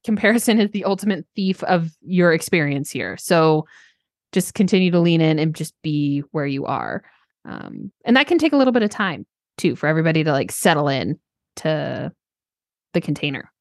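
A woman co-hosting a coaching podcast, talking in an earnest, animated way and acting out little quotes. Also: sits low, normal speed, no echo, studio quality. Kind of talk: casual podcast conversation.

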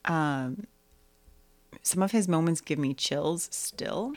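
A young adult woman co-hosts a casual movie podcast, speaking slowly yet animatedly. She breaks into high, squeaky voices to act out scenes.

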